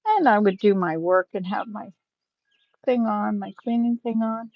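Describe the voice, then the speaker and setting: A woman's voice: medium pitch, a little slow, no echo, muffled recording. Chatty woman rambling in her garden. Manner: chatty, rambling, self-chuckling. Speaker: vlogger. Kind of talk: casual live-stream chat. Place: outdoor garden with wind chimes.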